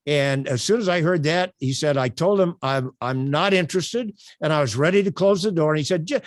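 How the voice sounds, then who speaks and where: Older man leading a lively sales workshop. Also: a little high, no echo, studio quality. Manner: animated, projecting, storytelling with many fillers. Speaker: workshop presenter.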